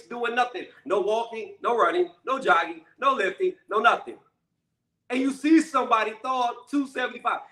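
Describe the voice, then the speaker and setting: A man with a high, tense, bright voice delivers a blunt commentary rant, pressing each point and tagging it with "okay?" or "right?". The sound is roomy and echoing, with the mic set back from him. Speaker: channel host. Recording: echoey room, mic at a distance.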